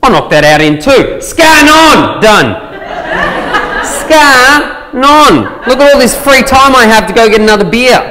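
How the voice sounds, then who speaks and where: An Australian man giving a stage talk with a stand-up bit, telling stories in a lively, joking way. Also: high-pitched, a little fast, hardly any pauses, a crowd in the background. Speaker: speaker presenting a talk. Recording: long reverb from a large hall.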